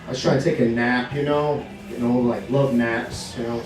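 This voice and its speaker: A middle-aged man doing a stand-up comedy set, brash and swearing, shouting his punchlines at a live crowd in a bar. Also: medium pitch, steady tone, moderate pace, recorded from a distance. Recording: echoey room, from afar, crowd laughter.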